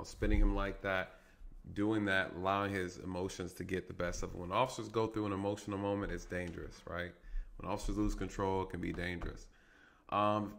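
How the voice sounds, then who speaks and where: Police officer talking through a video, low-pitched. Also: male voice, creaky, fairly bright tone. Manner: conversational, repeats "right?" and "you guys". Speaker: police officer giving commentary. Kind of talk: casual video commentary.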